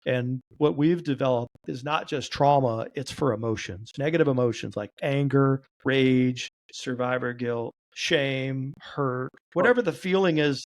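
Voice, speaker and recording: A man sits in as a podcast guest and tells a long story with real animation. He voices the people in it as he goes, shifting his delivery for each quoted line, with a middle-pitched voice. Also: measured pace, hardly any pauses. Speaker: guest, trauma therapy practitioner.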